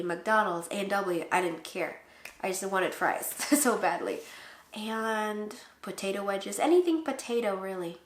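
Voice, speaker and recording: A young woman in her twenties from the Philippines, casually chatting to camera in a vlog, laughing often and acting out quotes. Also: mid-range voice. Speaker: pregnancy vlogger. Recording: echoey room.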